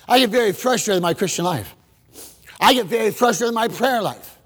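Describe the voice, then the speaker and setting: A male preacher tells his story with theatrical swings from loud shouts to near whispers, stopping to quiz the crowd. His voice sits high for a man. The sermon echoes with a long reverb in a big hall. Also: expressive, a little fast. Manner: dramatic, swings from shouting to hushed, asks the crowd questions.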